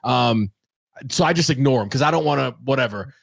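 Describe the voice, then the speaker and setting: A young man co-hosting a casual podcast, telling stories with plenty of swearing. His voice sits at a middle pitch and is recorded close and dry, with no room sound. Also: fairly quick, vocal fry, dry recording. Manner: swearing, storytelling, animated retelling. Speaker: podcast co-host. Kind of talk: casual chat.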